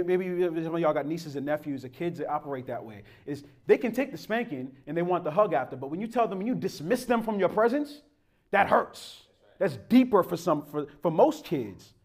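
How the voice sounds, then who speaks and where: A man preaching a sermon in a fairly high-pitched voice. He moves between loud, emphatic exhortation and soft, low asides, and he addresses the congregation as "beloved." He also acts out a stern grandmother's scolding. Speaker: pastor.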